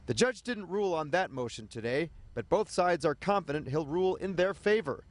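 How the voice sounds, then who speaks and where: A man reporting a court story for television in a measured, formal news delivery. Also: on the high side, animated.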